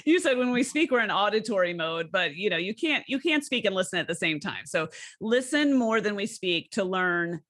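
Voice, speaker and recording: A woman's voice: mid-range voice, lively intonation, moderate pace, hardly any pauses, fairly bright tone. A woman hosting an interview, engaged and summing up the guest's points. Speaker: interview host. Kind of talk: casual interview talk.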